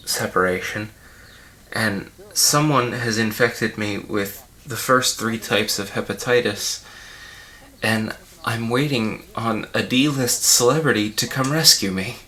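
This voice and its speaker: A self-important male art-film director, queasy and dizzy, rambling through a comedy commentary track in a bright, forceful voice, as a man puts him on. He drifts between panic and grandeur. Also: fairly low pitch, slight background noise. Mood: pompous. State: unwell and dizzy.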